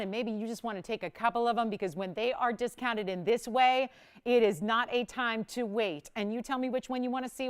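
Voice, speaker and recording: Smooth-voiced woman hosting live jewelry sales. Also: fairly high pitch. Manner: chatty, upbeat sales patter. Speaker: shopping channel host. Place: TV studio.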